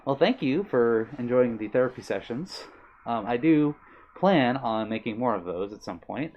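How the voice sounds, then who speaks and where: This streamer talks at a normal speed in an expressive, medium-pitched voice, and the recording has its highs cut off. Sitting in his own room, he reads chat messages aloud in a friendly manner, saying um and uh a lot and getting a little breathless now and then.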